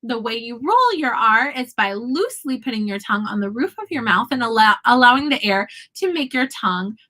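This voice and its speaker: A woman's voice: on the high side, bright, forceful tone, rough recording. A woman teaching a casual Spanish lesson from home, saying Spanish phrases and their English meanings in a chatty, patient way. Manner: chatty, explains slowly, switches between Spanish and English phrases.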